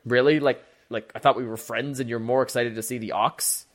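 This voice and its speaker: A man voicing a grateful, excitable stable keeper in a tabletop game, his voice pushed up high and gushing. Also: a little fast, lightly acted. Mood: bemused. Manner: gushing, high-pitched, overjoyed.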